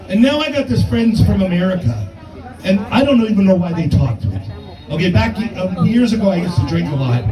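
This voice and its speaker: A man's voice: high-pitched, expressive, brisk, echoey room, recorded from a distance, some chatter behind, poor audio. A man in his fifties doing a brash, profane, self-mocking stand-up comedy set in a comedy club. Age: 50s.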